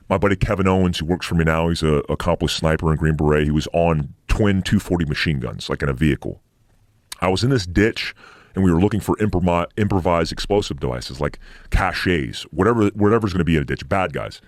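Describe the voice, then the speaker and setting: A man's voice: sits low, no echo, clean studio sound. A middle-aged man, a military veteran and podcast guest, telling war stories in a blunt, profane, casual way, sometimes making sound-effect noises. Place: podcast studio.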